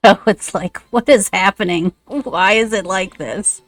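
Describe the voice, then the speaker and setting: A woman's voice: mid-range voice, slow pace, no room sound. A woman streamer chatting casually and rambling, with many fillers, while she draws live. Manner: sing-song baby talk to a pet.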